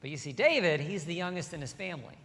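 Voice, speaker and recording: A man preaching a sermon as pastor, animated, moving between soft asides and emphatic lines. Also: on the high side, fast, creaky. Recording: hall reverb.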